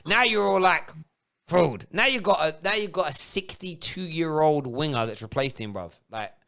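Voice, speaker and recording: A man, hosting a casual football watchalong with animated, laughing banter. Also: a little high, unhurried, vocal fry. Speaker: host of a football fan show. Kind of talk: casual live match watchalong chat.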